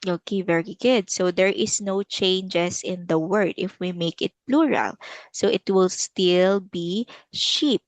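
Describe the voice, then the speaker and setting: A woman's voice: lowish voice, takes it slowly, dry recording. A woman teaching English to a child over a video call, patiently repeating words. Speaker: English tutor. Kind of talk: online English lesson for a child.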